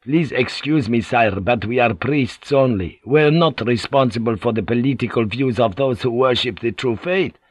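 A polite priest answers with careful formality, voiced by a man. The voice sits well above the narrator's own register, soft-edged and dry in the recording. He stays deferential and controlled. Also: medium pitch, normal speed, hardly any pauses, husky, no room sound, close to an everyday voice. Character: smooth, polite male priest and interpreter.

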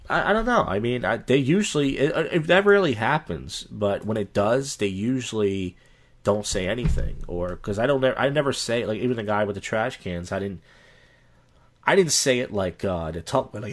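A man's voice: on the low side, lively intonation, moderate pace. A young man chatting casually as a podcast guest, rambling with restarts and acting out quoted dialogue. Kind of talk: casual chat.

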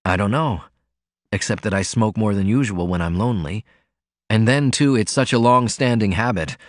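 A man's voice: fairly low pitch, normal speed, no echo, studio quality, lightly acted. A man reading an audiobook, voicing a poor young male writer who talks in an earnest, eager way. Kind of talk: audiobook character voice.

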